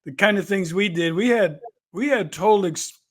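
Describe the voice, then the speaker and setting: A man co-hosting a podcast, easygoing and quick to laugh, reminiscing in casual chat. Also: high-pitched, fairly bright tone. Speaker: podcast co-host and sportswriter.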